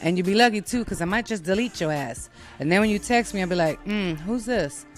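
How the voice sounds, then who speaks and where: A woman's voice: mid-range voice, fast. Blunt, sassy woman host over faint music. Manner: animated, with quoted put-on voices. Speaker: show host. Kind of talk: casual opinion monologue.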